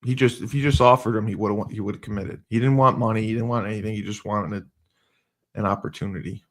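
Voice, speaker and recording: A man's voice: on the low side, fairly even intonation, fast talker. A man, a football coach hosting a casual podcast chat, talking in a rambling, teasing way with many fillers.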